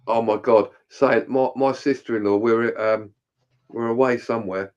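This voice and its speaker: A man's voice: medium pitch, fairly even intonation, moderate pace, darkish tone, dull audio. A man in casual chat, telling rowdy stories with plenty of swearing and laughter.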